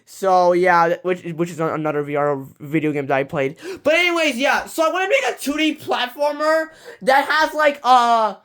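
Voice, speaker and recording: A young channel creator in their late teens giving a casual update, rambling in rushed bursts with many restarts and self-corrections. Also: mid-range voice, animated, a bit bright. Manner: breathless rush, trailing off with fillers. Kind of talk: casual rambling vlog talk.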